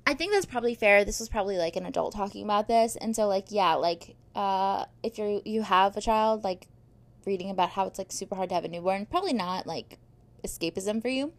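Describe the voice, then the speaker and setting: A woman's voice: mid-range voice, brisk. A woman in casual chat, reading book reviews aloud and answering them with many fillers, defensive of her favorite books.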